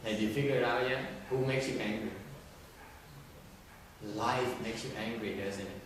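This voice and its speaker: A man gives an informal talk to a group at a middle pitch, with a conversational, teasing manner and frequent restarts. He is recorded from a distance in a strongly echoing room, with faint noise behind him. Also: fairly even intonation, normal speed. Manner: conversational, repetitive restarts, teasing questions, chuckles. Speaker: teacher addressing a group. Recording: very echoey room, distant mic.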